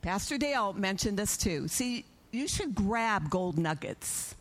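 A middle-aged woman giving an animated testimony in a church service, acting out her own prayers and conversations. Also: medium pitch, a little slow.

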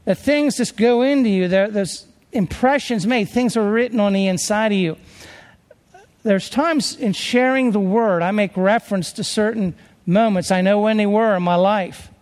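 A high-pitched man delivers a sermon in a loose, conversational way, stopping to restart and search for words. His voice carries a long hall reverb. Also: moderate pace. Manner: rambling, conversational, with many restarts and fillers. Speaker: preacher.

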